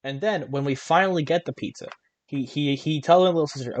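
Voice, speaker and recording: A man's voice: a little high, quick pace. A young man co-hosting a podcast in casual chat, telling rambling stories full of fillers and restarts. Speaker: podcast co-host.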